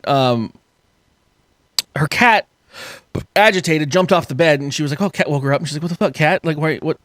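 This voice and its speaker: A man hosting a podcast, telling a story in an animated, laughing way with casual swearing. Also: on the high side, no echo, studio quality. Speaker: podcast host.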